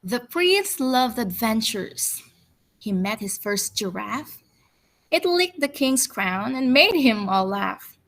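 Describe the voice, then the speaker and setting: A woman teacher reading a picture book aloud to children in an expressive, deliberate way. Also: fairly high pitch. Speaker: teacher storyteller.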